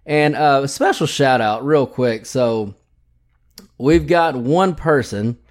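A man's voice: medium pitch, slow pace. A man hosting a podcast in a casual, blunt style with plenty of swearing. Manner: profane, blunt, ranting. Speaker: podcast host.

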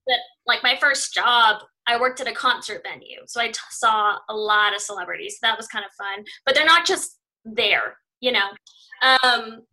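A young woman from California talks casually as an interview guest. Her voice sits fairly high and rings bright and forward. She is chatty and upbeat, sprinkling in 'um' and 'like'. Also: moderate pace, low-quality recording. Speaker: news reporter, interview guest.

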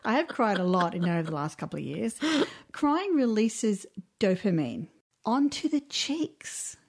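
A woman's voice: medium pitch, very animated, a little slow, vocal fry. A woman co-hosting a casual podcast. She talks candidly and from the heart, with frequent ums and restarts. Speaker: podcast co-host.

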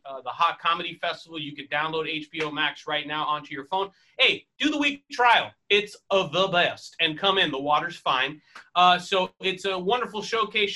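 Bright high-voiced man rambling. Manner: rambling with many fillers. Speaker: guest comedian. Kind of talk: casual podcast chat.

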